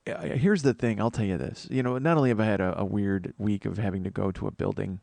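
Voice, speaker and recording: A man's voice: lowish voice, fast, creaky, darkish tone, dry recording. Tired guy riffing on his podcast, swears a lot, keeps restarting, dry close mic. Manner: self-deprecating, swears a lot, restarts often. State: sleep-deprived and fried. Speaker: podcast host. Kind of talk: rambling comedy podcast monologue.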